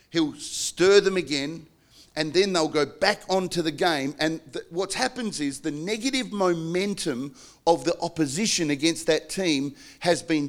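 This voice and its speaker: Earnest middle-aged male preacher. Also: on the high side. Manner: earnest, acts out couples' quarrels in bursts of shouting. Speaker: pastor. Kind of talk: sermon.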